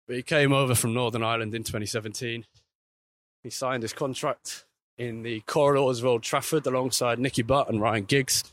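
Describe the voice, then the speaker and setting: Strolling along a street, this man reports on football in a casual walking vlog, speaking fairly quickly on a dry recording. His delivery is chatty and self-correcting, with lively swings in pitch.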